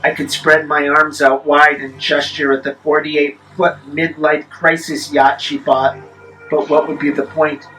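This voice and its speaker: A man telling a spooky story in the first person, measured, with wry deadpan asides. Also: fairly high pitch, soft background music, poor audio.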